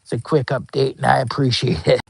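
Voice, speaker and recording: A man live streaming a product test, joking around, hyping up his viewers and bursting into excitement. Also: mid-range voice, fairly quick, vocal fry, breathy edge, dry recording. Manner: joking, hyped, begs for likes, bursts of excitement. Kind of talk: goofy live-stream chat. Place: outdoor campsite by a pellet stove.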